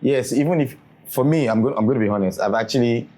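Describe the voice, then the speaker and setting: A man's voice: medium pitch, quick pace, mellow. A man making earnest points in a panel chat, restarting his sentences as he thinks. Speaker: panel cast member.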